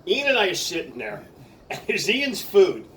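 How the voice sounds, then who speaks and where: A man's voice: high-pitched, huge pitch swings, normal speed, bright, forceful tone, far from the mic, slight background noise. A man telling stories in a casual chat, swearing often and laughing through his own stories. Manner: profane, laughing storyteller. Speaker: comedian host.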